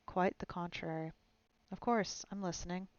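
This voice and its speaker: A woman reading aloud and voicing a gruff, boastful male dwarf elder in a blunt, matter-of-fact way. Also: on the low side, steady tone, normal speed, no echo, dull audio, close to an everyday voice.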